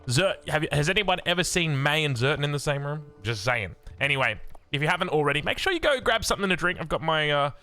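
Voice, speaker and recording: An Australian man casting a strategy game in upbeat, chatty commentary, his voice a little raspy from being sick. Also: fairly high pitch, animated, fast talker, bright, forceful tone, faint music behind. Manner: upbeat and chatty, with many fillers and restarts. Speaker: game caster.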